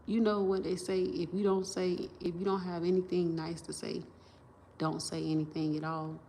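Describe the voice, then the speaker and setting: A woman's voice: on the low side, flat delivery, moderate pace, dark tone, a little hiss or hum. A woman on a livestream, talking in a rambling, emphatic and profane way, restarting sentences and repeating herself into a phone camera.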